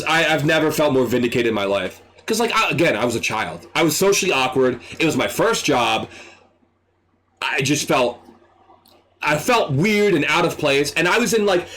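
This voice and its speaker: A young man tells a story casually, his voice climbing and falling with lively energy. He sits a little high in pitch for a man and acts out what people said. He swears freely. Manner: animated, excitable, swears freely, acts out quotes. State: dry throat. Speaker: streamer.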